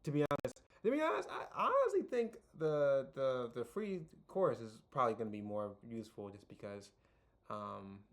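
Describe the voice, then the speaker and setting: A man's voice: medium pitch, sing-song, moderate pace, gravelly. A young man hosting a casual video tutorial, rambling with lots of fillers and restarts, and making self-deprecating jokes. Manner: self-deprecating, jokey asides.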